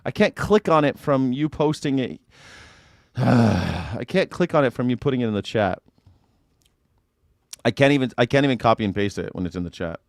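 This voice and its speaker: A man's voice: mid-range voice, expressive, normal speed, creaky, dry recording, studio quality. A man hosting a casual livestream reaction show, chatting with his viewers and cursing freely. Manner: chatty, cursing, talking to chat. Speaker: livestream host.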